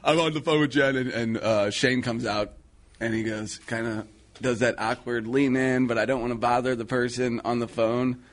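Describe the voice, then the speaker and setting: A man's voice: mid-range voice, steady tone, moderate pace. A man co-hosting a radio talk show, telling an eager, laugh-filled story about meeting someone he admires. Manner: giggly, eager storyteller who laughs through his own tale. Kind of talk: casual comedic storytelling.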